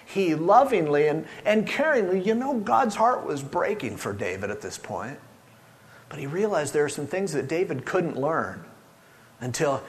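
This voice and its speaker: Older male pastor, sermon delivery, expressive rising and falling voice, pushes hard then drops to a hush. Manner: animated, swinging from loud urging to hushed low tones.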